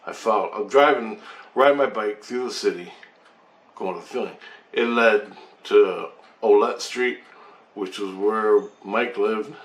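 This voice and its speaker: In a roomy, echoing space with a faint hum behind him, a man with a lowish, slightly slow voice casually tells a personal story. He rambles loosely, swearing and dropping asides.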